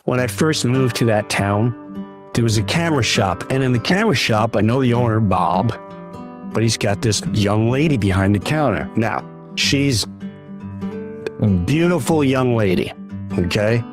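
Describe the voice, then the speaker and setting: A man telling a personal story at an open mic, animated and acting out the quotes. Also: mid-range voice, music in the background. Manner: unhurried, animated, acts out quotes.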